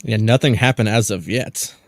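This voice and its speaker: A man's voice: lowish voice, normal speed, a little hiss or hum. A man co-hosting a podcast, chatting casually with dry, teasing remarks. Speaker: podcast co-host. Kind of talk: casual chat.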